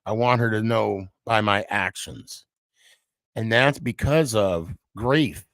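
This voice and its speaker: A middle-aged man hosting a podcast, speaking in a halting, heartfelt personal monologue with frequent restarts. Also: fairly low pitch, a bit bright, dry recording. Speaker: podcast host.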